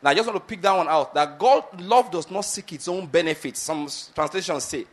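A man's voice: on the high side, fairly quick. A man preaching a sermon, retelling a scripture story and often asking his listeners whether they follow his point.

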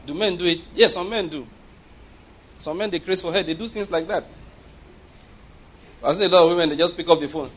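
A man's voice: on the high side, brisk, long pauses, a bit bright. A man preaching a sermon in a chatty, conversational way, often checking whether the congregation understands and chuckling between points.

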